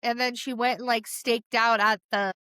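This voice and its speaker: A woman's voice: fairly high pitch, normal speed, smooth, dry recording. A young woman co-hosting a podcast in casual chat, retelling scenes with acted-out quotes and frequent swearing. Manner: animated retelling, acts out quotes, swears freely. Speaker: podcast co-host.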